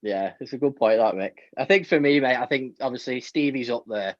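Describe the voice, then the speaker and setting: A man's voice: mid-range voice, dry recording, highs cut off. A man co-hosting a football podcast in casual, chatty talk. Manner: fast, chatty, many fillers. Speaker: podcast co-host. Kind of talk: casual chat.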